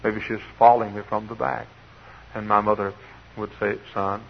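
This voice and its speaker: An older man from Texas, preaching a folksy sermon with dramatic swings from hushed to shouting. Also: on the low side, little pitch movement, moderate pace, gravelly, slight background noise. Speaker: pastor. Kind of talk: sermon with storytelling. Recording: dull lo-fi sound.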